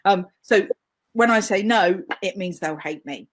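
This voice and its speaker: A woman's voice: mid-range voice, unhurried, fairly bright tone. A woman with a British accent giving a live webinar training talk over a video call, chatty, self-deprecating and emphatic. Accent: British English.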